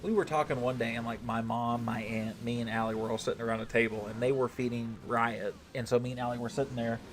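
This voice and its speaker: Speaking fast with fairly even intonation, this man has a mid-range voice and there's a little background noise. He hosts a gaming livestream, rambling and cursing freely as he chats casually with his live audience, repeatedly asking "right?".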